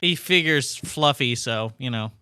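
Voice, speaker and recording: A man's voice: mid-range voice, measured pace, pushed and bright, clear, resonant tone, no echo, clean studio sound. A man playing a tabletop game, chatting hesitantly with fillers and laughs. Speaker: player. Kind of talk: casual play.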